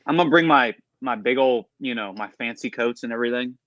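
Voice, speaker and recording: A man co-hosting a casual livestream chat, animated and jokey. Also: mid-range voice, fairly quick, muffled recording, noisy background. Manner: animated, jokey, reads menus aloud. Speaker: co-host.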